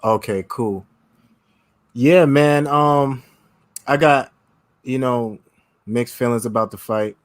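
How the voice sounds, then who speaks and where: A man who has called into a live stream, chatting in a relaxed, slangy way and laughing easily. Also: mid-range voice, slow, pauses often. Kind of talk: casual live-stream chat.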